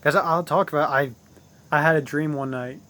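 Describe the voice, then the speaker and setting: A man's voice: on the high side, steady tone, fairly quick, bright, forceful tone. A man hosting his own channel, talking casually and at length about spiritual ideas, often repeating himself and calling his viewers guys. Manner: rambling, repeats phrases, addresses viewers as guys.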